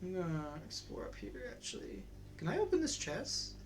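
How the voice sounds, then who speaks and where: A game streamer giving casual let's-play commentary, chatty and excitable, thinking aloud while playing. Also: mid-range voice, moderate pace, background noise. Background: faint game music.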